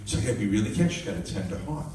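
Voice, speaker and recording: A man preaching, telling family stories with lively, animated delivery and acting out the voices of his kids. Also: fairly low pitch, very fast. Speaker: minister. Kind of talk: sermon. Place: hall with live audience. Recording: echoey room from far off with faint ambience.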